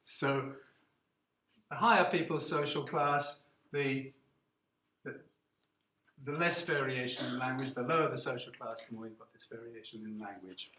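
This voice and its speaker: Speaking at normal speed with long pauses, a university lecturer in his seventies delivers a classroom lecture in a medium-pitched, fairly even, pushed and bright voice. His accent is English received pronunciation, and he checks in with "okay?" and uses foreign words. The reverberant recording carries a little hiss or hum.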